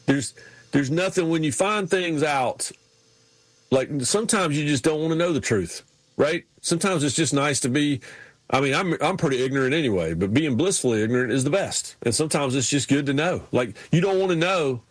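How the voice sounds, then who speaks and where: A man's voice: a little high, expressive, a little fast, dry recording. A man co-hosting a casual chat in an easygoing, agreeable way. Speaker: co-host.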